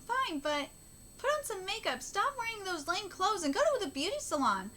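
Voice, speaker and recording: A woman voicing a bossy teenage boy who nags his mother, reading in a quick, scolding way. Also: very high voice, big pitch swings, bright, forceful tone, slight background noise, voice pushed up, exaggerated voice. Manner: scolding, fast and pushy.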